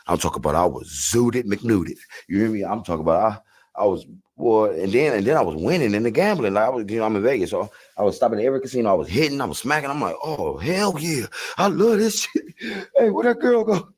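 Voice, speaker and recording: Very deep-voiced man telling his story. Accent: Los Angeles. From South Central Los Angeles. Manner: slangy, rambling, profane, acts out voices loudly. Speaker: interviewee. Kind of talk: candid storytelling interview.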